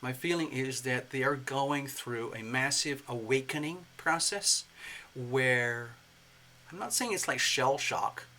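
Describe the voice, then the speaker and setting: A man giving a casual spoken tarot reading in an expressive, playful way, slipping into acted asides. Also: medium pitch, slow pace, a little hiss or hum. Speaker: tarot reader.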